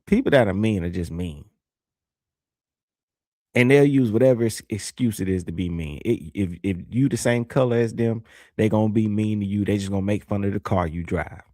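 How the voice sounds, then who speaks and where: A man's voice: on the low side, normal speed, darkish tone, no room sound, clean studio sound. A man hosting a livestream, telling a story in a laid-back, rambling way and reading viewer comments aloud. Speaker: livestream host. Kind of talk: casual livestream chat.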